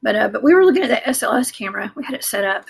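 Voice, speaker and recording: Husky woman guest, casual rambling storyteller, restarts a lot. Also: fairly high pitch, animated, rapid-fire. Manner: rambling, many fillers and restarts. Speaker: guest, cryptid investigator.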